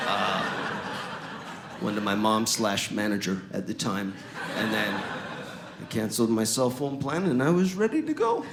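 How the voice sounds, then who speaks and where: Lively stand-up comedian, man. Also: mid-range voice, reverberant, background noise. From Utah, USA. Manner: sarcastic, animated storytelling with wry asides. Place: comedy stage before a live audience.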